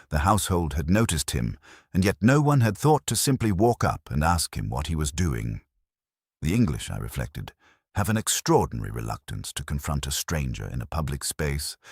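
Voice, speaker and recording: Deep husky guy reading a detective story, wry and formal, lots of movement in his voice. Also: no room sound, clean studio sound. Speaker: narrator. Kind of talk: scripted first-person mystery narration.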